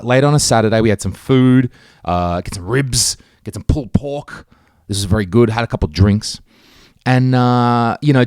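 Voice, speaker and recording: Man, comic storyteller, fairly low voice, dry close sound, swearing a lot, squeaky yelps when excited. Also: no room sound. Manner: profane, animated, jumps into high-pitched exclamations. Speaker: podcast host. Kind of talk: solo comedic storytelling.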